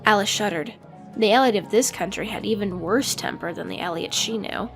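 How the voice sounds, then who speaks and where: A woman narrating an audiobook in an expressive storytelling manner. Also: mid-range voice, fairly quick, faint music behind.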